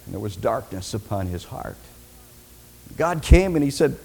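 A man preacher delivering a sermon, dramatic, swinging from loud declaiming to hushed near-whispers. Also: medium pitch, big pitch swings, moderate pace, long pauses, breathy edge. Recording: long reverb in a large hall.

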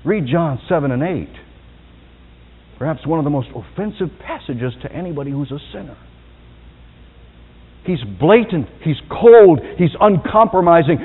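A man preaching a sermon as pastor, swinging from soft, low asides to loud, high-pitched exhortations. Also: lively intonation, moderate pace, pauses often, slightly rough. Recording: tinny phone-like sound in a reverberant hall.

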